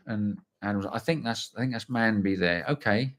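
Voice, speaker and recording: A man's voice: on the low side, fairly even intonation, a little fast, few pauses, a bit bright. A man, telling a story on a livestream and reading out viewer comments, chatty and blunt, swearing freely. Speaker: livestream host.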